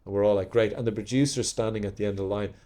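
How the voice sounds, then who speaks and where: A man's voice: fairly low pitch, fairly even intonation, racing, mellow. A man, an actor and podcast guest, telling rambling stories from his career in casual chat, swearing freely. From Ireland. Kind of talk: casual anecdotes.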